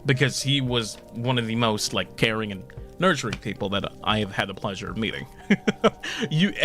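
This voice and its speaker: A man's voice: on the low side, pushed and bright. A man streaming, chatting casually and animatedly, often laughing and swearing as he talks. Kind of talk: casual anniversary stream talk.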